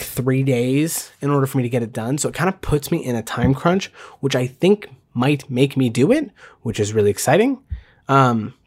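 A man hosting a casual solo podcast, rambling with many fillers and restarts, self-deprecating and talking fast. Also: mid-range voice. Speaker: podcast host.

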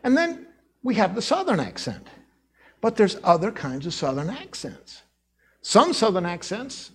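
A man with a Midwest accent preaching a sermon in a church, telling the story with lively acted-out voices and accents. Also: high voice, normal speed, slightly rough. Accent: American Midwest. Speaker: pastor. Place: church sanctuary.

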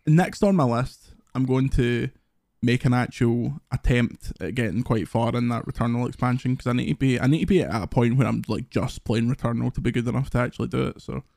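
Scottish man, podcast host, sweary, lively storytelling, dry close sound. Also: mid-range voice, fairly quick, vocal fry, no echo. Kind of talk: casual podcast chat.

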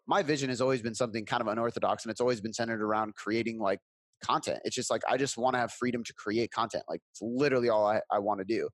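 A man's voice: fairly low pitch, quick pace, no echo. A man talking casually as a content creator on a podcast, earnest and reflective, with some swearing.

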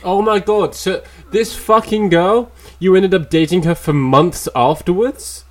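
A man's voice: high voice, measured pace. A young British man on a podcast, teasing his friends with jokey banter in casual chat. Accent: British English.

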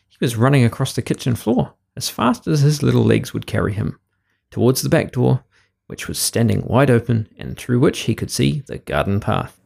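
A man reading a children's story aloud in a lively, expressive way. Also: mid-range voice, moderate pace, vocal fry, slightly rough.

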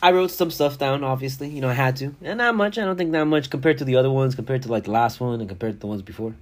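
A man's voice: mid-range voice, lively intonation, fast talker. A man hosting a casual solo podcast, rambling and joking with frequent swearing. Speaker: podcast host.

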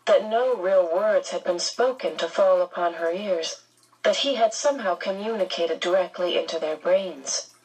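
A woman narrating an audiobook in a measured, unhurried storytelling manner. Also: medium pitch, a little mellow, breathy edge, recorded from a distance, low-quality recording.

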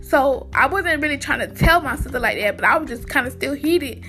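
A woman's voice: sits high, animated, brisk, fairly bright tone, faint music behind. A young woman chattily telling viewers a school story, calling them y'all and using lots of slang. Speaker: vlogger. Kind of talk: casual storytime.

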